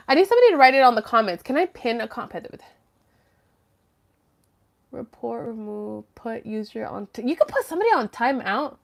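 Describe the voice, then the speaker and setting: A woman chats casually on her live stream from home, rambling from one thing to the next. She swears freely and speaks in a somewhat high voice. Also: lively intonation, brisk, gravelly. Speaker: livestream host. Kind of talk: casual livestream chat.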